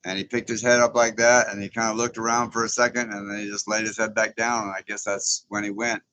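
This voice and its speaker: Bright-voiced folksy man. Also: lowish voice, little pitch movement, quick pace, poor audio. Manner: folksy and chatty, chuckling often, reading out viewer names. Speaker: YouTuber hosting a live stream. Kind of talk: casual live-stream chat.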